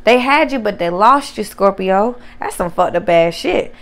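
A woman doing a casual tarot reading, profane and animated, talking straight to her viewers. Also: medium pitch, moderate pace. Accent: Southern US. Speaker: tarot reader.

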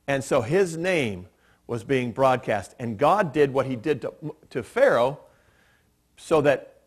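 A man's voice: medium pitch, breathy edge. A male pastor preaching a sermon in a church, explaining steadily with occasional dry self-deprecating humor. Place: church sanctuary.

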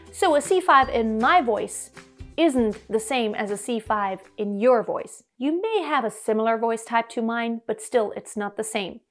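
A German vocal coach speaks to the camera, explaining singing technique clearly and deliberately. Her voice is slightly high.

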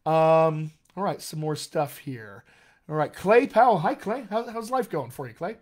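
A man coaching actors on accents in a live-streamed Q&A, energetic and encouraging, calling his viewers "my friends". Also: a little high, measured pace. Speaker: dialect coach. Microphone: computer mic on a live video stream.

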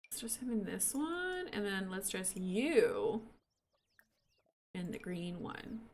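A woman streaming a life-simulation game with casual commentary, excitable and breaking into gushing squeals over the animals, a little sniffly. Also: mid-range voice, takes it slowly, a little hiss or hum.

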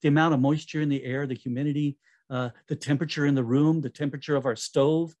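A man giving a conference talk in a relaxed, conversational way, with fillers and self-corrections. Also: fairly high pitch, quick pace. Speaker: conference speaker.

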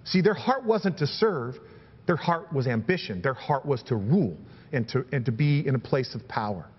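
A man's voice: mid-range voice, lively intonation, normal speed, breathy edge, long reverb tail, highs cut off. A man preaching a sermon as pastor, reading scripture aloud and building emphasis with repeated phrases.

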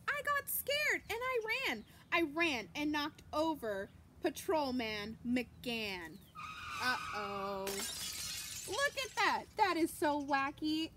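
A woman reading a picture book aloud to children, animated, gasping and exclaiming, and asking the young listeners questions. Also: high-pitched, takes it slowly, a little hiss or hum. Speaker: children's story reader.

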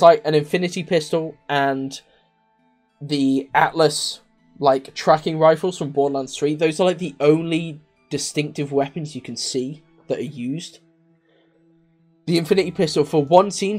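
A man's voice: on the high side, darkish tone. A young man hosting a gaming channel, giving an unscripted, exasperated film review full of swearing and rhetorical outbursts. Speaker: video game channel host.

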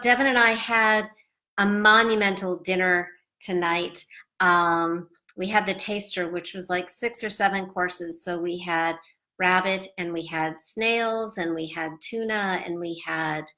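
A woman chats in a loose, rambling travel vlog and often stops to hunt for words. She sounds worn out and sleepy, and her voice has a bright, forward edge. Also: on the low side, steady tone, measured pace. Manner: chatty, rambling, with many fillers. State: tired and sleepy. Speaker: travel vlogger.

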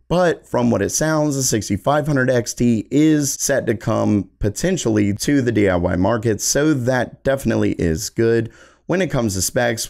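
A man with a raspy voice, a little sick, hosting a casual tech news show and reading off hardware specs in a brisk, chatty way. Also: medium pitch, a little mellow. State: recovering from being sick.

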